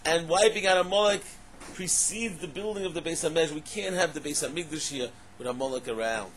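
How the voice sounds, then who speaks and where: A man's voice: fairly high pitch, a little fast, fairly bright tone, a little hiss or hum. A man giving a Torah lecture in English full of Hebrew and Aramaic terms. He poses questions, then repeats and stresses them. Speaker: Torah teacher.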